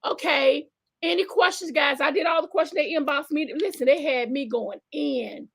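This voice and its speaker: A woman from the American South who hosts a talk show and pastors a church. She chats casually on a live stream, animated and exclamatory, reading out viewer comments. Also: high-pitched, moderate pace, gravelly.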